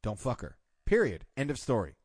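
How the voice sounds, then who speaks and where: A man's voice: medium pitch, wildly swooping pitch, brisk, slightly rough, dry recording, clean studio sound. A man hosting a podcast in casual chat, blunt and profane with strong opinions. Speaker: podcast host.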